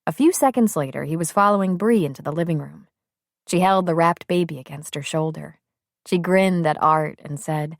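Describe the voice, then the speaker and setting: A woman narrating an audiobook in a calm, even storytelling manner. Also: sits low, moderate pace, dry recording, clean studio sound. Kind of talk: scripted narration.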